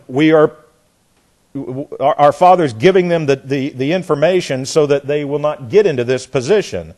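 A man teaching from the Bible in a sermon, often repeating words as he searches and slowing down hard to stress key phrases. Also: on the high side. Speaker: preacher.

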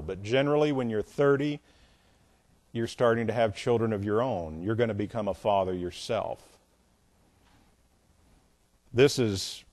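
A man teaching a Bible lesson at a board, relaxed and conversational, with joking asides. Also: on the low side. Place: room with a board.

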